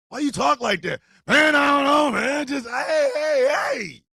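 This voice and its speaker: A man hosting a live stream show, telling animated, profane jokes in a casual rant. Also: extremely high pitch, normal speed, vocal fry, few pauses, no echo, clean studio sound. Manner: animated, joking, profane storytelling. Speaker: host.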